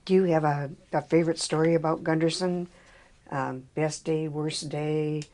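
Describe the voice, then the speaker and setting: A woman interviewer asking gentle, unhurried questions. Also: deep voice, steady tone.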